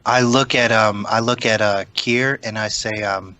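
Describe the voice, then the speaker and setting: A man taking part in a tabletop role-playing game. He chats loosely, swears and says what his character does. His voice is bright, and the close recording is dry. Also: lowish voice, fairly even intonation, unhurried, no echo. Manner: joking, swears, describes his character's moves. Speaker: player.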